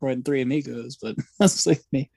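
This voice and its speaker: A man co-hosting a podcast in relaxed, casual chat, easygoing and often chuckling. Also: mid-range voice, fairly quick, gravelly, breathy edge, dry recording. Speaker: podcast co-host.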